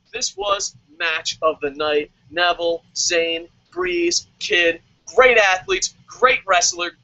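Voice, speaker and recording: A man's voice: high voice, pushed and bright, no room sound, highs cut off. Angry, foul-mouthed man ranting. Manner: swears constantly, sarcastic. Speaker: wrestling review vlogger. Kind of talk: profane angry rant.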